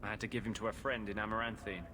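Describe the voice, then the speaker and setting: A wry healer mage. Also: male voice, lowish voice, little pitch movement, very fast, sharp tone. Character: weary male healer mage, protective. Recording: game audio with background noise.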